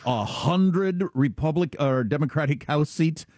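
Brief: middle-aged man from Kansas, high and very animated voice, dry close sound, casual chat co-host. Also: dry recording. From Kansas, USA. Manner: animated storyteller, quick asides.

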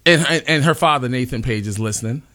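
A man hosting a casual talk show, playful and animated, giving shout-outs to listeners. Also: medium pitch, fast talker. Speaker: host. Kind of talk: casual chat.

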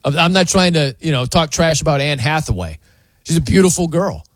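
A man's voice: on the high side, moderate pace, dry recording. A man hosting a sports talk show, ranting in disbelief as he argues his opinions. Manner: animated, incredulous ranting.

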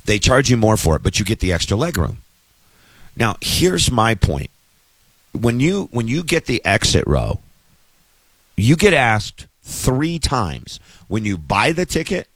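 A man's voice: on the low side, no room sound. Ranting man with a dry close sound. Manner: exasperated, sarcastic ranting. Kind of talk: ranting monologue.

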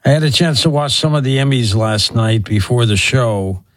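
A man's voice: mid-range voice, normal speed, dry recording. A man hosting a radio talk show, asking a guest questions in a conversational way. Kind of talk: radio interview.

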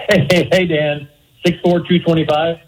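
A man's voice: fairly high pitch, little pitch movement, a little slow, background noise. A man calling in to a radio show, earnestly offering friendly advice. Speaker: caller. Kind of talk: phone-in advice.

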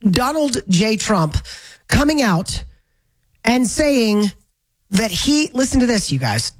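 A woman from Northern Florida hosting a talk radio show, chatting in a casual, opinionated way with lively exclamations. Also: medium pitch, low-quality recording. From Northern Florida, USA. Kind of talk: casual on-air banter.

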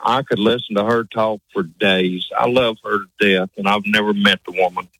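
A man's voice: fairly low pitch, steady tone, normal speed, a bit bright, breathy edge, no echo, rough recording. A man with a rural Southern US accent calling a radio show, polite and stammering a little as he starts. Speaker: caller, truck driver.

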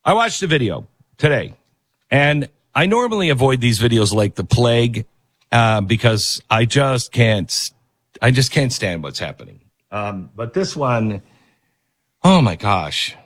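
A man's voice: medium pitch, big pitch swings, a little slow, no echo. A man hosting a political talk radio show and reading an ad in an emphatic, conversational way, often breaking off to restart his sentences.

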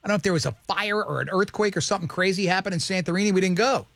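A man's voice: high voice, gravelly, fairly bright tone, no echo, clean studio sound. A man hosting a radio quiz segment, chatting and teasing casually with co-hosts and a caller. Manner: chatty, teasing, quick asides. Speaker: radio show host.

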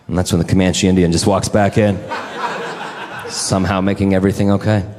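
Stand-up comedian in a big reverberant hall. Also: male voice, quick pace, a crowd in the background. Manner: deadpan setups, shrill shouted bits. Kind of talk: stand-up routine.

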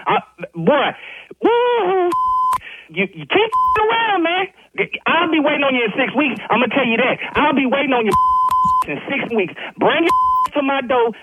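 Fired up guy on the phone, high voice all over the place, muffled and noisy line. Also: big pitch swings, normal speed. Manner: heated, threatening, repeats "man" and "I'm telling you". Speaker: prank call target.

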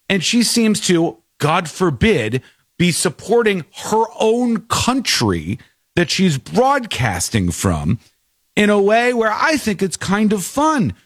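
Animated ranting male commentator. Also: sits high, dry recording, clean studio sound. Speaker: show host. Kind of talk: opinionated commentary.

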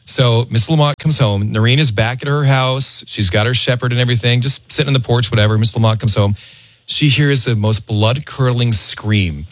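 A man hosting a radio call-in show, telling a story in an animated way and acting out the people in it. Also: medium pitch, normal speed, no echo. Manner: animated storyteller, acts out quotes. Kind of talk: casual radio chat and storytelling.

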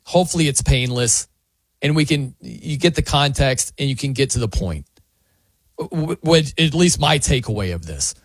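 In a medium-pitched voice at a moderate pace, a man hosting a sports talk program rants through an opinionated monologue, incredulous and mocking in an animated way. The recording has no room sound.

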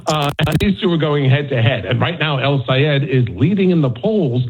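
A man's voice: fairly high pitch, expressive, normal speed, husky. A man, a national correspondent, giving conversational political analysis with frequent fillers and restarts. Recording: tinny phone line.

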